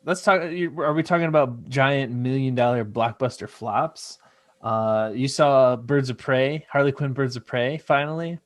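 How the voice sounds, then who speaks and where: A man on a podcast, recorded close with no room sound, spins a lively story about his taste in films. He jokes, teases his friends and laughs easily. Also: medium pitch, a little slow, dry recording. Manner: animated storyteller, laughs often, playful teasing. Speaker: podcast co-host. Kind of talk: casual chat.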